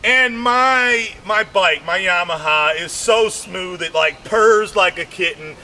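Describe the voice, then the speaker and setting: High-voiced, bright, rambling comic man. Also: slow, a little hiss or hum. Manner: rambling, animated, constant fillers, shouted punchlines. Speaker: stand-up comedian. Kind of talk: stand-up comedy routine.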